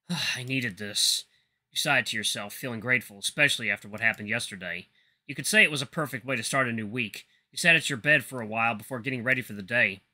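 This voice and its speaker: A man's voice: mid-range voice, fast, pushed and bright. A man narrating a visual novel playthrough, reading the game's text aloud to viewers. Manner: reads game text aloud in second person. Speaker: game streamer.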